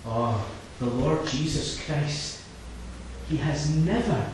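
A man with a fairly high, expressive voice preaches slowly, sinking low and quiet before building to loud, impassioned repeated phrases. He sounds distant from the microphone in a very echoey hall, with faint noise in the background.

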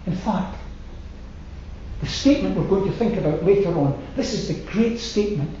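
A man preaching a sermon, slow and emphatic, letting his phrases fall away to a hush. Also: high-pitched, expressive, slight background noise. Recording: very echoey hall, slightly dull sound.

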